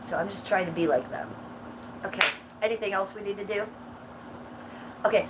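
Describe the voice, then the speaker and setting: A woman's voice: mid-range voice, brisk. A woman in her fifties chatting on a livestream in a brash, profane, rambling way. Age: 50s. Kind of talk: casual livestream chat. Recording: steady background noise.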